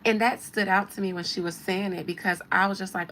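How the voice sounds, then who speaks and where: A woman's voice: mid-range voice, fairly quick, gravelly, few pauses, a bit bright, a little hiss or hum, poor audio. A woman hosting a show as a tarot reader, giving blunt, slangy, mocking commentary. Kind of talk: casual commentary.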